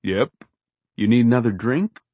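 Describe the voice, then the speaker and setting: A man voicing a gruff, bossy male boat captain who barks blunt orders in an audiobook. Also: medium pitch, moderate pace, warm tone, no room sound, natural voice. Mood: offhand. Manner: barking orders, blunt and commanding.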